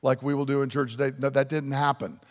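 A man's voice: medium pitch, little pitch movement, fast talker, long reverb tail. A man preaching a sermon, blunt and emphatic as he explains scripture and voices its dialogue. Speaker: pastor.

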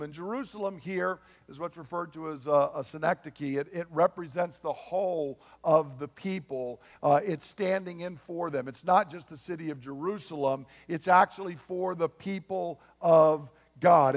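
A pastor preaching a sermon in an earnest, emphatic way, with frequent asides to the congregation. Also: male voice, high-pitched, in a large hall.

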